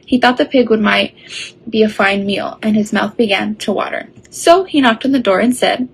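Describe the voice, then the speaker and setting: A woman reading a children's story aloud in a steady storytelling way. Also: mid-range voice, normal speed, creaky, husky, rough recording. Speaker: story reader.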